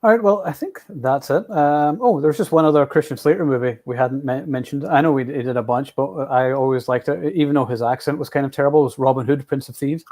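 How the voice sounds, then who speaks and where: A man's voice: medium pitch, quick pace, few pauses, a little mellow. A man with a Scottish accent hosting a casual chat. He rambles and restarts his sentences often. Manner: rambling, with many restarts and fillers. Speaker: podcast host.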